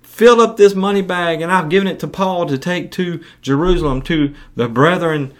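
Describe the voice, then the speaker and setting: A man putting on a high, bragging show-off. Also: moderate pace, natural voice. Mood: boastful. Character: boastful showy man bragging about his giving.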